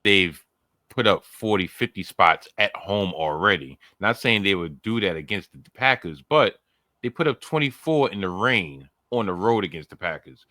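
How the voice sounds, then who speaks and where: A man co-hosting a casual sports podcast, his voice bright and forceful as it swings high and low. He talks playfully and repeats phrases for emphasis. The sound is dry and close. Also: animated, moderate pace, no echo. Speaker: podcast co-host. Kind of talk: casual sports betting chat.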